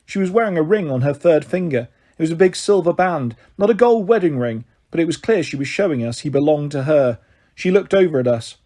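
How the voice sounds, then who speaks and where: A man reading a children's novel aloud, giving an expressive first-person narration. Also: a little high, brisk. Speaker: storyteller.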